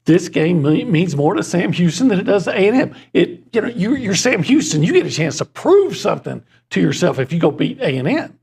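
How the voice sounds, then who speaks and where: A man's voice: high-pitched, sing-song, brisk, vocal fry, few pauses, darkish tone, slightly rough. A man who is a regular on a sports talk show, telling stories with wry jokes.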